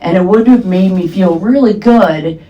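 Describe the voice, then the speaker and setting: A young woman with a deep voice performing a stand-up comedy set with a dry, deadpan delivery on a comedy club stage. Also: normal speed, highs cut off.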